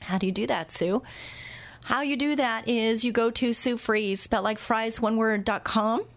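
A woman's voice: fairly high pitch, moderate pace. A woman hosting a radio talk show, interviewing a guest and making earnest, urgent appeals to listeners.

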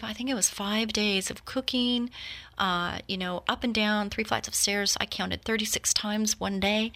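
Woman in her fifties, host type, bright clear tone, earnest and reflective, talks straight to the audience. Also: a little high. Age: 50s. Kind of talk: heartfelt personal talk.

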